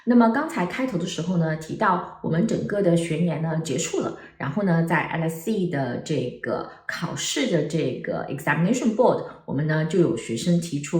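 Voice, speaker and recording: Woman language teacher, lower voice, very animated pitch, echoey room, distant mic. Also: moderate pace, hardly any pauses. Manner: animated, exaggerated tone demonstrations. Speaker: Mandarin teacher. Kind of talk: online language lesson.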